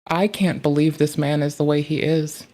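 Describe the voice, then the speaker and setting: A woman's voice: sits low, fairly even intonation, moderate pace, warm tone. Woman streamer, casual reaction commentary, sarcastic and sweary, rambling delivery.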